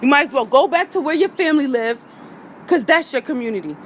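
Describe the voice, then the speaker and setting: A woman's voice: high-pitched, expressive, fast talker, a little hiss or hum. A woman ranting on a phone livestream outdoors, heated and profane, hammering her points with repetition. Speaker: vlogger going live. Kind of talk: impassioned live-stream rant.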